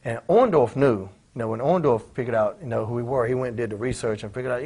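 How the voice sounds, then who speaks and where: A man's voice: mid-range voice, fast, dark tone, slightly rough. A man in his forties, a former pro wrestler telling profane stories in an interview and acting out the voices of the people in them. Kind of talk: casual storytelling in a shoot interview.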